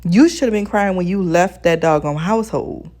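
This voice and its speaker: A woman's voice: on the low side, moderate pace, darkish tone. A woman giving blunt, exasperated casual commentary as a TV show reviewer, talking straight to her viewers. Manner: addresses viewers as besties.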